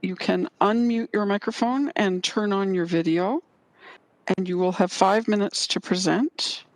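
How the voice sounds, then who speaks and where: A woman chairing a council committee, running formal procedure in a brisk, businesslike way. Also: mid-range voice, fairly even intonation, dry recording, rough recording.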